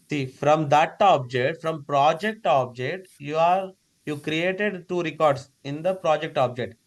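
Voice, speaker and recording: A man teaching a live online class over a video call, giving repeated step-by-step instructions. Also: a little high.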